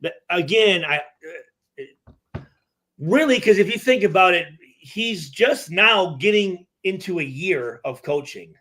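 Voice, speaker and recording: A man's voice: sits high, expressive, unhurried, fairly bright tone. A man in his forties, a former player, talking in a casual podcast chat, hesitant with many restarts and plenty of swearing. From Michigan. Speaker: former player and guest analyst.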